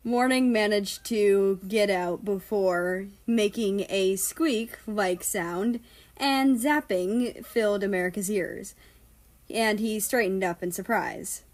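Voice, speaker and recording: A woman's voice: medium pitch, slow. A woman narrating fanfiction aloud in a casual reading style with the odd swear. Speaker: fanfiction reader. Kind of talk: storybook narration.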